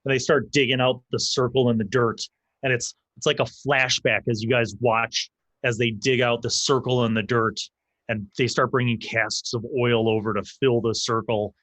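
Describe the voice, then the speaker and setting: A man's voice: medium pitch, flat delivery, moderate pace, a bit bright, dry recording. A man narrating as dungeon master, talking loosely and filling his lines with "like". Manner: loose, rambling narration full of "like". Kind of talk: narrating a tabletop game.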